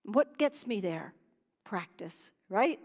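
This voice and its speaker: A woman minister from Pennsylvania preaches in a high, bright-toned voice. She is lively and chatty, then drops to soft, hushed tones. Her words ring with the long reverb of a church hall. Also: unhurried, lo-fi sound. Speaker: guest minister. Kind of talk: sermon. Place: church sanctuary.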